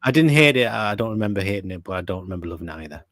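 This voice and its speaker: Low-voiced man hosting a chatty podcast. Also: animated, racing, a bit bright, no room sound. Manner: hesitant, many fillers and restarts. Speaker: podcast host reading viewer comments. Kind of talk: casual chat.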